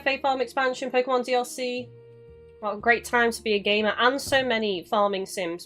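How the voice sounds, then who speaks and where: A woman's voice: mid-range voice, a bit bright. A woman chatting casually to her viewers while live-streaming a game, swearing now and then.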